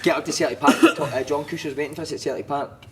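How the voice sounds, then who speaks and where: A man's voice: fairly high pitch, quick pace, over a noisy crowd. A Scottish man, a former footballer and podcast guest, telling stories in casual chat, swearing freely, laughing through them and acting out other people's lines. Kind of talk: casual storytelling. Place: studio couch.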